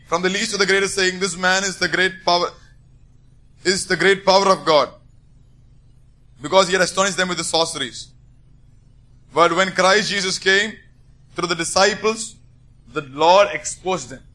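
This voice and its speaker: Male preacher, high bright voice, emphatic sermon delivery. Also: steady tone, moderate pace, pauses often. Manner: emphatic, rising to forceful bursts.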